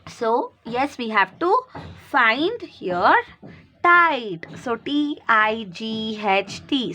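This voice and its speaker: A woman teacher who talks at a slow, patient pace in a fairly high voice. She asks questions and answers them herself, repeating and spelling words for young pupils. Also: a bit bright. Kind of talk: recorded classroom lesson for young children.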